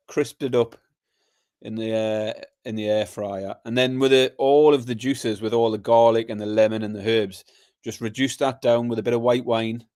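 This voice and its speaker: Relaxed man telling stories on a podcast. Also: fairly low pitch, no room sound, clean studio sound. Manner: relaxed, storytelling, says aye. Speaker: podcast co-host. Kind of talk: casual chat.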